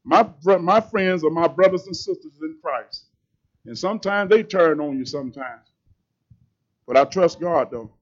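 A man preaches, his voice pitched high. He talks plainly and conversationally but presses his points hard. The recording sounds slightly dull and lo-fi. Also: lively intonation, normal speed. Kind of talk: sermon.

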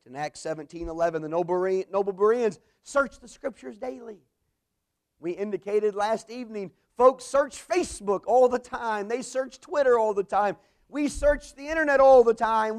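A man preaching a sermon, swelling into emphatic bursts and dropping to quiet, low endings.

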